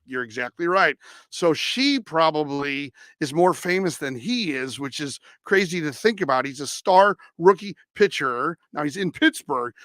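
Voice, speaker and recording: A man with a somewhat high voice chats casually through a sports live stream, answering viewers and tripping over player names. The sound is dry and close, with no room around it. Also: a bit bright, no room sound. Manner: rambling, self-correcting, stumbles over player names. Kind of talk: casual live-stream chat reading comments.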